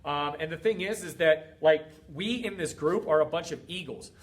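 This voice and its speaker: A man's voice: on the high side, normal speed. A middle-aged man hosting a motivational livestream as a fitness coach, talking in an emphatic, repetitive, preachy way. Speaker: fitness coach and group host.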